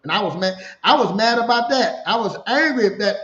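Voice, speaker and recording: A man with a fairly high voice tells his story in a loose, animated way, circling back over the same words as he goes. He sounds middle-aged. The recording is roomy and a little dull and lo-fi. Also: a little fast. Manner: animated, repeats himself, laughs while telling. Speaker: podcast co-host sharing his story. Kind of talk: casual conversational storytelling.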